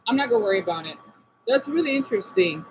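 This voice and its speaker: This American man rambles through a casual live stream chat, hopping between thoughts and answering his chat out loud. He talks fast with lively, jumpy intonation, and the sound is muffled and lo-fi over a faint hum.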